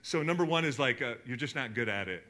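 A man preaching a sermon to his congregation, telling stories animatedly, with sudden jumps in loudness. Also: medium pitch, fast. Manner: animated storytelling, emphatic swings in loudness. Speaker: pastor. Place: church hall in front of a congregation.

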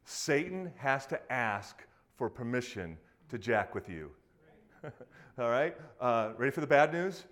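A man preaching a sermon to a congregation, speaking casually and acting out quoted voices with lively emphasis. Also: medium pitch, measured pace. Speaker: pastor.

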